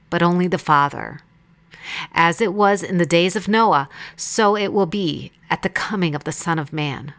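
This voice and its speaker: A woman reading Bible passages aloud in a measured, deliberate way. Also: on the low side, fairly bright tone. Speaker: Bible reader. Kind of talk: scripted scripture reading.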